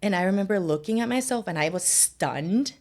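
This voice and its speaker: A woman's voice: mid-range voice, expressive, fairly quick, a little mellow. A young adult woman telling a personal story as a podcast guest, candid and conversational, with many "like" fillers. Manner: candid, heavy use of "like" fillers.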